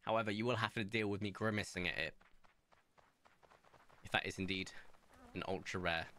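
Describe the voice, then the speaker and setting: A man's voice: fairly low pitch, moderate pace, bright, forceful tone, slight background noise. A young man chatting casually while streaming a video game, rambling into stories and asides. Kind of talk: casual gameplay commentary. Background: faint game music.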